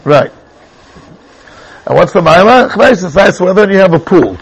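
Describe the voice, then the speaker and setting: Casting: male Torah teacher, high pitch, husky, chatty, mixes in Hebrew terms. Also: animated, normal speed, poor audio. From England. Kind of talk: classroom text lesson.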